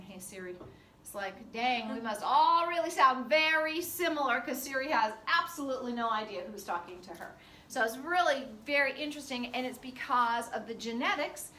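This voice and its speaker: Casting: female lecturer, high bright voice, chatty with fillers, recorded from far off in an echoey classroom. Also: a little hiss or hum. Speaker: teacher.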